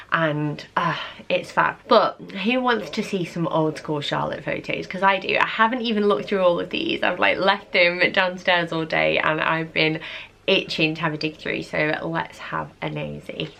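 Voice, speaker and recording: A woman's voice: lowish voice, creaky, fairly bright tone, a little hiss or hum. A young adult woman vlogging casually to camera, chatty and nostalgic, full of "like" and "oh my gosh".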